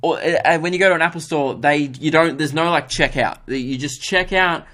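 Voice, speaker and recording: A man's voice: on the high side, normal speed, pushed and bright. A man, a comedian hosting his own podcast, telling a funny story in an exasperated, ranting, self-mocking way.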